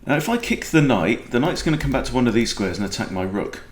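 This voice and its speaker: A man's voice: medium pitch, big pitch swings, fast, roomy sound. A man with a Welsh accent, a chess coach chatting and joking as he thinks aloud through a game. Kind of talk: casual game commentary.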